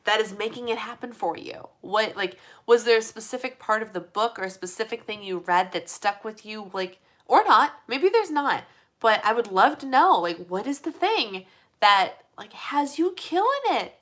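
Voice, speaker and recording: A woman's voice: a little high, animated, normal speed, fairly bright tone. A young woman from the United States hosting a casual live stream chat. She talks in a rambling way, laughs often, reads out viewer comments and says her voice is tired.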